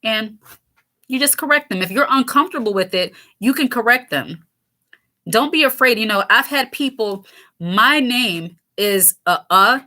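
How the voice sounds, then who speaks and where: A woman's voice: fairly high pitch, bright, forceful tone. A woman in her late thirties hosting a casual livestream, chatting candidly with viewers and laughing often. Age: 30s. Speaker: channel host reading viewer comments.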